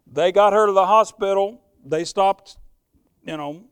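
An older man preaching a sermon testimony, telling his story with emphasis and swinging between loud declarations and hushed moments. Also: high-pitched, unhurried, smooth, dry recording.

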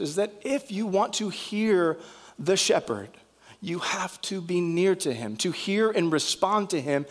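A male pastor preaching a sermon in a conversational, storytelling way, acting out bits of dialogue. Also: high voice.

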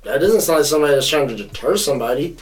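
A young man co-hosting a podcast, telling a story in a casual, profane, animated way. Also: a little high, very fast, far from the mic, soft background music, low-quality recording. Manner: animated, profane, acts out quotes. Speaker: podcast co-host.

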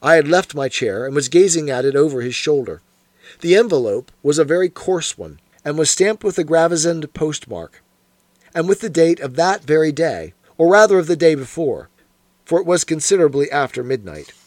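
Male audiobook narrator, measured reading, fairly high voice, dry studio sound. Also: big pitch swings, a little mellow, no room sound. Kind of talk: scripted narration.

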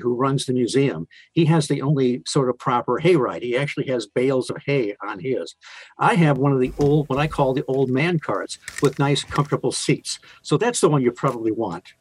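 A man working as a museum tour guide, telling chatty stories in an interview with a playful, deadpan humor. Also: mid-range voice, husky, no room sound, poor audio. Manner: chatty, lots of fillers and restarts, playful deadpan jokes. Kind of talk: enthusiastic interview storytelling.

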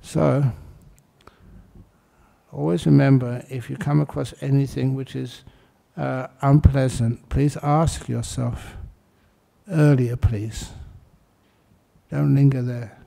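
A man giving a dharma talk as a meditation teacher, telling stories in a relaxed, anecdotal way. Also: medium pitch, vocal fry.

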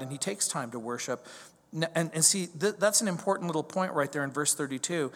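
Pastor with a fairly high voice, preaching in a hall. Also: male voice, brisk. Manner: animated, conversational preaching with emphatic repetition. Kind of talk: expository sermon. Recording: long hall reverb.

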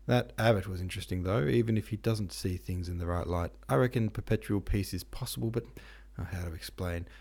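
A man's voice: low voice, a little fast, creaky, a little mellow. A man voicing an earnest, awkward young man.

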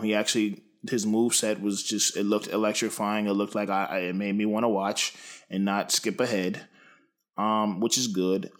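Rambling young man with a low voice. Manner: rambling, many ums, gets heated and loud when ranting. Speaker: wrestling commentary podcaster. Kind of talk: casual opinion monologue.

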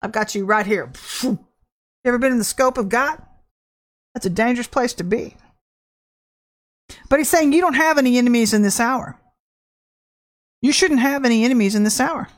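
A woman preaches a prophetic word with fervent emphasis. Her fairly high voice stretches some phrases slowly and rushes through others. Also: animated. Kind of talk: prophetic sermon.

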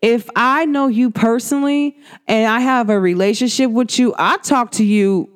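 A woman's voice: on the high side, normal speed, clear, resonant tone. A woman talking casually to her viewers about astrology, slangy and direct. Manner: animated, slangy, talks straight to viewers. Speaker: astrology vlogger. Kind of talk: casual talk to camera.

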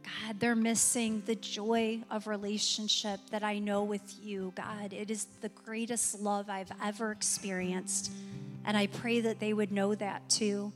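A woman's voice: medium pitch, little pitch movement, a little slow, big-room sound, faint music behind. A woman pastor preaching a sermon in a church, with impassioned, emphatic repetition, then closing in prayer. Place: church sanctuary.

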